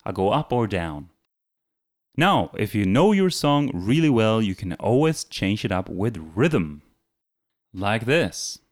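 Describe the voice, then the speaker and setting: A man's voice: lowish voice, big pitch swings, a little slow, darkish tone. A man teaching a casual singing lesson who breaks into short sung example phrases between his explanations, with faint music playing behind him. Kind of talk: casual video vocal lesson.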